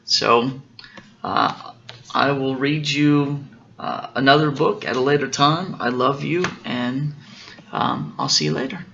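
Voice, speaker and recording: A father reading a picture book aloud to his children, gently explaining the story as he goes. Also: medium pitch, lively intonation, takes it slowly, creaky, highs cut off, a little hiss or hum.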